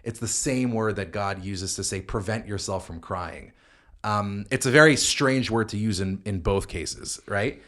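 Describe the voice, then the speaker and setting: A rabbi co-hosting a podcast Bible study explains scripture in a fairly low, slightly bright voice, taking his time. He walks through verses step by step, quotes Hebrew lines, and speaks with many restarts and asides.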